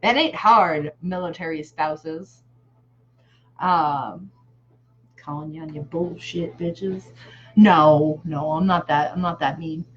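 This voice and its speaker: A woman's voice: low voice, slow pace, slight background noise. A woman vlogging in casual chat while she paints a face design, telling stories in a rambling way full of fillers and casual swearing. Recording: muffled lo-fi audio.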